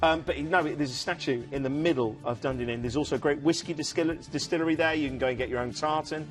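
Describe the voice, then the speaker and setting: A man's voice: fairly high pitch, quick pace. A man presenting a TV cruise sales show, chatting enthusiastically and rambling with fillers. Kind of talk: casual studio sales chat. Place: TV studio.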